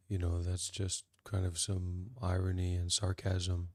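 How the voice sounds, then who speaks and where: A man talking as a meditation teacher, in a halting, deadpan way with dry irony. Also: sits low, no echo. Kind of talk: casual spoken teaching.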